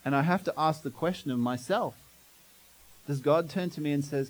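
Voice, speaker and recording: A man's voice: a little high, normal speed, low-quality recording. A man preaching a sermon as pastor, telling the story dramatically and asking the congregation questions.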